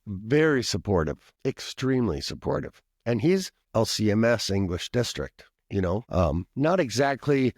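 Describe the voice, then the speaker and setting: A man's voice: fairly low pitch, sing-song, normal speed, hardly any pauses, darkish tone, no room sound, studio quality. A man from Minnesota, a pastor and professor, telling a long personal story in a rambling, conversational way with asides and frequent coughs. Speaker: pastor and professor, podcast guest.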